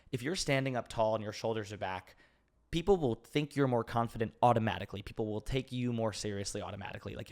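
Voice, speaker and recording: A young man in his twenties chats casually into a podcast mic and answers listener questions. His voice sits low. He rambles, trips over his words and restarts often, and he speaks openly about his emotions. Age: 20s. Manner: rambling, lots of fillers and restarts; open and emotional, laughs easily. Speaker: podcast host.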